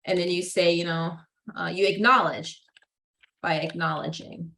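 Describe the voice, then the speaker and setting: A woman's voice: on the low side, fairly even intonation, moderate pace, bright, forceful tone. A young adult woman giving a casual psychology lecture in a classroom, chatty, full of "like" and "right?", acting out what parents say. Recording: roomy echo.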